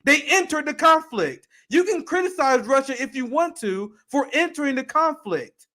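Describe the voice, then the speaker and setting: A man reacting to a video clip, his voice riding very high as he rants. He talks fast and heatedly, with plenty of profanity. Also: animated, sharp tone. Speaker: commentary co-host.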